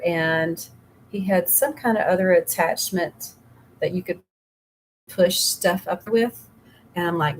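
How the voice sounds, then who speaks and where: Middle-aged woman, makeup consultant; chatty, rambling tutorial delivery, slightly low pitch. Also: takes it slowly, long pauses, slight background noise, low-quality recording. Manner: rambling, chatty, laughs often. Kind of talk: casual makeup tutorial chat.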